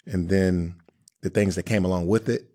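A man's voice: sits low, fairly even intonation, moderate pace, dark tone. A man who is a professional football player, speaking candidly as an interview guest and often repeating phrases as he searches for words.

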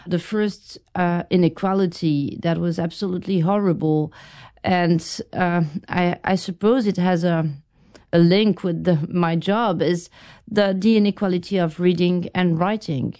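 Low, smooth-voiced woman recalling her past. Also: warm tone. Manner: thoughtful, halting, with restarts. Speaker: interview guest, writer. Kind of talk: reflective interview answers.

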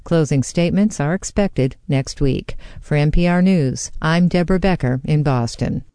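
A woman radio reporter filing a scripted news report in a calm, clear delivery. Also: low voice, normal speed, no room sound, clean studio sound.

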